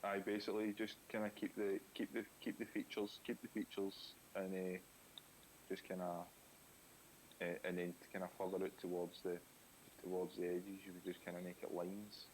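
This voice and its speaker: A man's voice: deep voice, level tone, normal speed, a little mellow, poor audio. A Scottish man in his thirties chatting casually while drawing on a live stream, laid-back and easygoing. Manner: laid-back, says aye and wee a lot. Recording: faint hiss.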